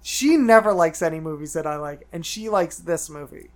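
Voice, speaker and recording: A man in his thirties co-hosting a podcast, chatting casually and teasing his friend, recorded on a mic at a shared table. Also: a little high. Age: 30s. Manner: playful, teasing, quick asides. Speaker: podcast co-host. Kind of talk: casual chat. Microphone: studio podcast mic.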